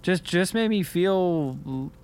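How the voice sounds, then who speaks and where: Earnest, halting man on a podcast. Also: high voice, expressive, a little mellow, clean tone. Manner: earnest, halting, repeats words. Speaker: podcast co-host. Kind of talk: reflective podcast storytelling.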